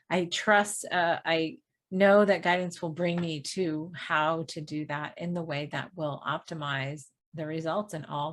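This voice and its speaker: A woman giving a spiritual self-help lesson in a casual, meandering way, often adding "right?" and "you know". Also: on the low side. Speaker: spiritual teacher.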